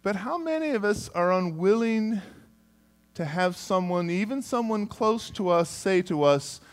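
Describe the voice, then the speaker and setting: A man's voice: high-pitched, animated, measured pace, smooth. A middle-aged man preaching a sermon in a conversational way, calling on listeners by name and often repeating words. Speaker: pastor.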